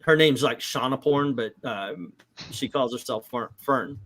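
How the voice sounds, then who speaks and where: A middle-aged man hosting a casual comic book livestream, animated and acting out quotes in little voices. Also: mid-range voice, unhurried, a little hiss or hum. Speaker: comic book show host.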